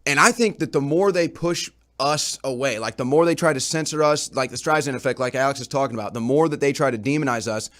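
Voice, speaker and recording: A man's voice: medium pitch, quick pace, hardly any pauses, fairly bright tone. A man reporting on a talk show, casually recounting events in a rambling way and often repeating his words.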